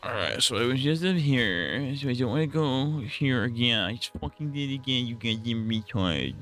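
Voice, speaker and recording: A man's voice: mid-range voice, expressive, moderate pace, fairly bright tone, faint music behind. A young man casually talking to himself while livestreaming a game, rambling and swearing often. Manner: profane, rambling self-talk. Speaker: streamer. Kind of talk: casual gameplay livestream commentary.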